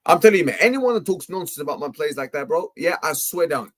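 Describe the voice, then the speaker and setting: A man's voice: on the high side, lively intonation, quick pace. A young man hosting a football live stream, ranting heatedly and tagging nearly every phrase with "yeah?" and "mate". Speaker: football livestream host.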